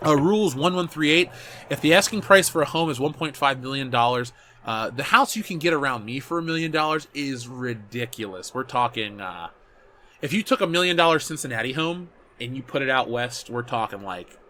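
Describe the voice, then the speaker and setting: A man in his thirties hosting a casual chat show and reading viewer comments aloud. He talks in an animated way, swears often and corrects himself mid-sentence. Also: medium pitch, a little fast, slight background noise.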